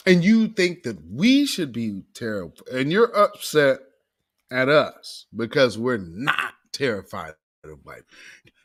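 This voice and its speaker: A man's voice: medium pitch, sing-song, measured pace. A man hosting a talk show, delivering an opinionated monologue with emphatic sarcasm and calling his listeners family.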